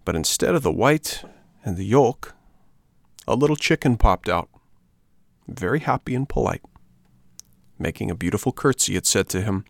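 A man reading a children's book aloud in an expressive, measured storytelling manner. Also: fairly low pitch, creaky, no echo.

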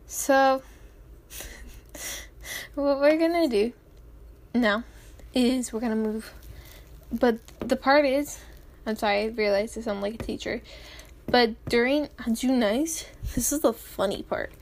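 Slow-talking chatty teenage girl, high voice. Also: a little hiss or hum. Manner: rambling, chatty, giggly, apologetic asides. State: throat sore, tongue feels swollen. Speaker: vlogger. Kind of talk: casual chat.

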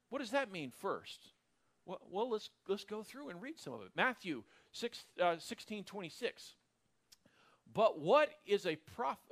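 A man teaching a sermon, reading scripture aloud and getting excited enough to shout at times. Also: sits high. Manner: animated, bursts into excited shouting; reads scripture aloud, acts out quoted voices. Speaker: Bible teacher.

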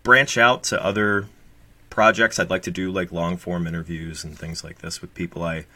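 A man's voice: sits low, flat delivery, moderate pace, sharp tone, no echo. A man in his late thirties chatting casually on a podcast, candid and rambling, swearing freely, on a proper microphone. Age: 30s. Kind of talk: casual chat. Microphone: proper studio microphone.

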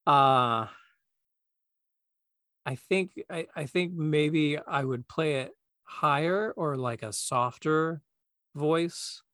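A man co-hosting a podcast, talking in a relaxed, easygoing way and thinking aloud with plenty of filler words. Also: fairly high pitch, slow, long pauses, dry recording, clean studio sound. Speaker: podcast co-host, voice actor. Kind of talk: casual podcast chat.

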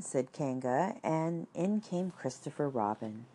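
A woman reading a children's story aloud, unhurried, with asides to the listener. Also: very deep voice, darkish tone.

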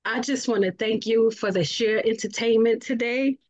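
A woman calling in to a chat show, friendly and quick to laugh. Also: on the high side, darkish tone, no room sound. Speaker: caller. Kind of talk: casual chat. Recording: dull, dry call-in line.

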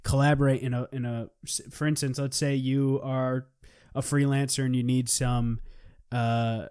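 A man's voice: medium pitch, level tone, normal speed, a little mellow, smooth. A man co-hosting a podcast in casual chat, rambling and joking, laughing at his own lines. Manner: rambling and jokey, laughs often. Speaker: podcast co-host.

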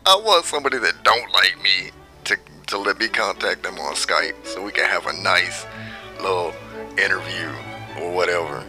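A man's voice: sits low, lively intonation, measured pace, pauses often, sharp tone, faint music behind. A man vlogging a brash, profane rant and laughing often at his own jabs.

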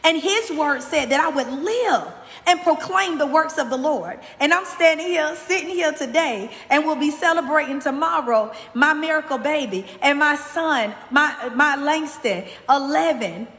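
Fervent high-voiced woman preaching. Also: lively intonation, unhurried, a bit bright, roomy sound, long reverb tail. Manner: fervent, preacherly, speaks directly to listeners. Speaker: host of a motivational faith podcast. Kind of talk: inspirational faith message.

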